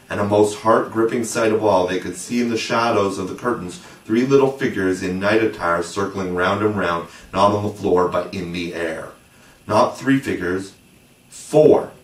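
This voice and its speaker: Low-voiced man reading a storybook. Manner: expressive, measured storytelling. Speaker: audiobook narrator. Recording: roomy, distant mic.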